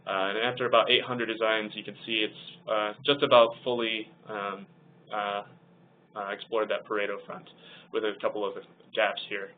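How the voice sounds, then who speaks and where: A man talks through a technical webinar, stopping often on ums and uhs. His voice stays flat and even. It comes through a narrow, phone-like line with a faint hiss behind it. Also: fairly low pitch, moderate pace. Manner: hesitant, many ums and uhs. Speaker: webinar presenter. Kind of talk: technical software webinar walkthrough.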